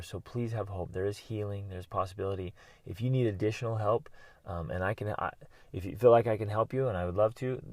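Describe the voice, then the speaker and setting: This is a middle-aged man talking on his own podcast with a low, gravelly voice. He coaches in an earnest, encouraging way. The sound is dry and close, with no room around it. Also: no echo. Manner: earnest and encouraging, with bursts of loud yelling. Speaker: podcast host and life coach. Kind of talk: motivational solo talk.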